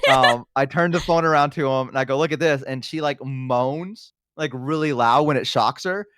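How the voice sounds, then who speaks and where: A man's voice: medium pitch, normal speed, clean tone, dry recording, clean studio sound. A man chatting casually on a stream, telling stories and acting out the people in them. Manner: animated storytelling, acts out quotes. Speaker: guest streamer.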